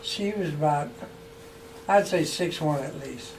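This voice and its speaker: A man telling funny stories about an old friend in a relaxed chat, chuckling and acting out the quotes. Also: fairly high pitch, unhurried. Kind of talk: casual anecdotal storytelling. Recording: distant mic with faint background noise.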